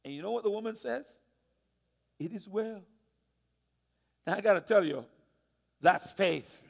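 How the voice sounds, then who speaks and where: A man preaching in a church, his voice sitting very high for a man. He tells a story dramatically, swinging from hushed lines to loud ones. A long reverb trails every phrase. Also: expressive, a little fast, creaky. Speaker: pastor. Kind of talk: sermon. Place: church sanctuary.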